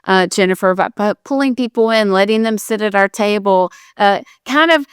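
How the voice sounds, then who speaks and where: A woman co-host speaks in a thoughtful, hesitant way and fills her pauses with frequent ums. Her voice is very smooth and clear at a middle pitch. The close mic keeps the sound dry. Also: dry recording. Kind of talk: conversational chat.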